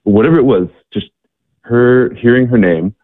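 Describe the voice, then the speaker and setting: A man talking as an interview guest, telling stories in a halting way, with many fillers and repeated words. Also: medium pitch, dry recording. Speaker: guest, charity worker. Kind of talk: casual interview storytelling. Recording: tinny, dry phone-like line.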